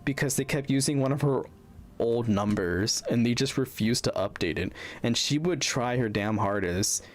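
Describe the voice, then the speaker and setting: A man's voice: mid-range voice, moderate pace. A young man streaming, telling a bitter story in a rambling, heavily profane way, full of fillers and restarts. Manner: bitter, venting. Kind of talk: casual storytelling on a livestream.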